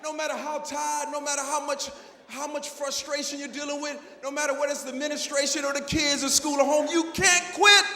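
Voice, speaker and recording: A man giving an energetic motivational speech to teachers, telling stories and getting the audience to call back. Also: very high-pitched, fairly quick, faint music behind, some chatter behind. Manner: energetic, storytelling, calls for audience response. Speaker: motivational speaker. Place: large auditorium. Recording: long hall reverb, PA system.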